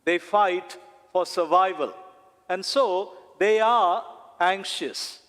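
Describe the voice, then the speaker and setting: Slow-preaching man in reverberant church. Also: high voice, fairly bright tone. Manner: slow, deliberate preaching with dramatic pauses and repetition. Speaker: priest. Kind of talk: sermon.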